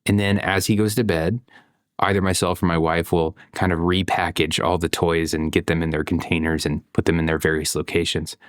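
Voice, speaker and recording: A man's voice: deep voice, level tone, brisk, clear, resonant tone, no echo, clean studio sound. A man in his thirties talking through a reflective vlog monologue, conversational, with frequent "you know" and "right?". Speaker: parent vlogger.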